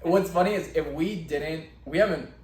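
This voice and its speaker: A young man hosting his vlog, chatting casually and telling animated stories while laughing often. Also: on the high side, moderate pace. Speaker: vlog host, former reality-show contestant. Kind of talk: casual chat. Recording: roomy echo with crowd noise.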